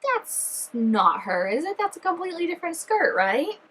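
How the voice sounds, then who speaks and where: A woman chatting excitedly through a reaction video, full of fillers and giggly asides. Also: very high-pitched, moderate pace, low-quality recording. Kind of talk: casual reaction commentary.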